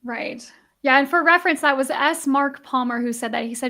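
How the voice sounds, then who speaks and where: A woman's voice: high voice, steady tone, a little fast, sharp tone. A woman co-host telling a story in casual podcast chat, rambling with many restarts. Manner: rambling, lots of likes and restarts.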